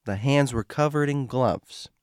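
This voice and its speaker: A man's voice: medium pitch, measured pace, clean tone, no room sound, clean studio sound. A man hosting a show, reading a creepy true story aloud, stumbling over words and adding his own asides. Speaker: host reading a story post.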